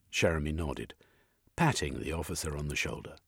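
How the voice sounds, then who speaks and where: Brief: deep, husky male audiobook narrator with lively intonation and a dry recording. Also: moderate pace, no echo. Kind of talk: scripted narration.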